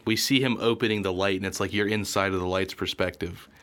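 A man's voice: sits low, fairly even intonation, fast, a bit bright. A man co-hosting a podcast, chatting casually about films with enthusiastic slangy interjections. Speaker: podcast co-host. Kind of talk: casual film review chat.

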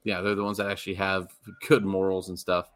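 A man co-hosting a casual sports podcast, talking haltingly with many restarts. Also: low-pitched, flat delivery, fairly bright tone. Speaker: podcast co-host.

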